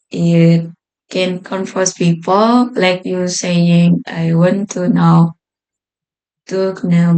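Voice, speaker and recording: Slow, gravelly woman presenting a grammar lesson. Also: fairly low pitch, a little mellow, low-quality recording. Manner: slow, halting delivery with frequent uh fillers. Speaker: student presenter.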